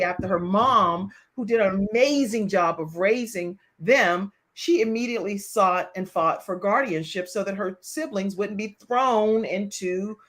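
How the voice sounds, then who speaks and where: Woman talk show host, playful and teasing, quick to laugh, video call sound. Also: medium pitch, fairly bright tone. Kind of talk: lively online talk show chat.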